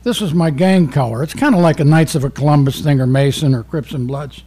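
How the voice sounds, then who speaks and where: A former undercover narcotics officer turned poet, giving a rambling, profane poetry reading full of stories. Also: male voice, a little high, lively intonation, a little fast, darkish tone, breathy edge. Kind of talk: live poetry reading with storytelling.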